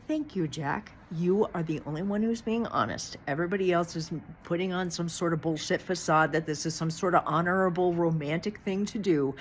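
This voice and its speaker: A woman's voice: fairly low pitch, slight background noise. A middle-aged woman talking in a casual, rambling monologue, frank and chatty with some swearing. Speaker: channel host.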